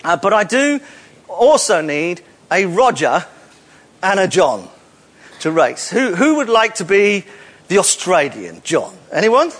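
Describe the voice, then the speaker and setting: A man's voice: high-pitched, very animated, slow pace, fairly bright tone, breathy edge. A man leading a live audience on a hall stage, coaxing volunteers with playful, teasing jokes. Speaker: presenter leading audience participation.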